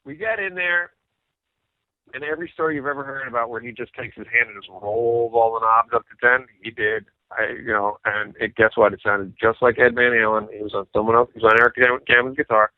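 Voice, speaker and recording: This musician guest has a medium-pitched voice and talks briskly in a casual interview, animatedly telling stories and acting out the voices of people he quotes. The line sounds tinny and phone-like, and the recording is dry.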